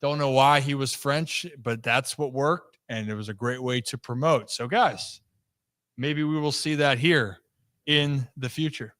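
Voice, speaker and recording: A man hosting a casual sports talk show, his voice bright and forward. He is upbeat and playful, and he drifts easily into stories for his co-hosts. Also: mid-range voice, a little slow, no room sound, clean studio sound. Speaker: host.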